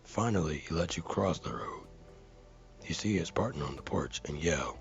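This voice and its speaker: A man's voice: rumbling low, expressive, normal speed, dull audio. A man earnestly reading a viewer comment aloud, carefully and with dramatic stresses.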